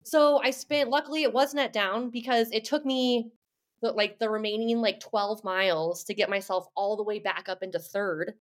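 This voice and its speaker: Runner guest, woman, chatty storyteller, mid-pitched voice, lots of "like". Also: normal speed. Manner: animated storytelling, many "like" fillers. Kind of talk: casual chat.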